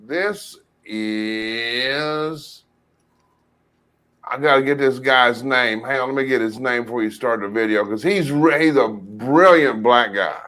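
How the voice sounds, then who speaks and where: Halting man chatting casually. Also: medium pitch, pushed and bright, clear, resonant tone. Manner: halting, searching aloud, many restarts. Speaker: cartoonist co-host. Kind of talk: casual chat.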